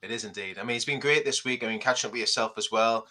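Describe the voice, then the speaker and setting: A man hosts a podcast with lively, upbeat patter. His voice is bright and forward, with a conversational ease. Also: mid-range voice, very fast. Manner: upbeat, animated host patter. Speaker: podcast host. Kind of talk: casual podcast chat.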